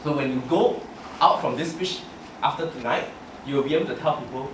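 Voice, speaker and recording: A man's voice: medium pitch, fairly quick. A young man giving a humorous prepared speech at a club meeting, telling stories about himself and laughing through his lines. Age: young adult. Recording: echoey room from far off, noisy.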